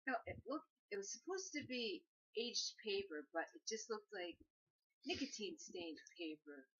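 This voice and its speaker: A young woman chimes in on a casual movie review with dry, brief remarks. Her voice sits at an ordinary pitch for a woman, and the sound is muffled and lo-fi. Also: very animated, normal speed, fairly bright tone, breathy edge. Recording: dull lo-fi sound.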